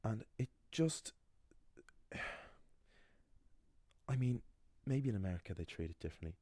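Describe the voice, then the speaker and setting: In a casual explanatory video, a young Irish language teacher shares an anecdote, rambling and opinionated. He speaks at a measured pace, his voice fairly low, mellow and expressive, with no echo.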